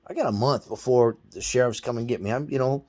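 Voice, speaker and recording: A man telling a story in blunt, profane, animated casual talk. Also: medium pitch, quick pace. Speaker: guest storyteller.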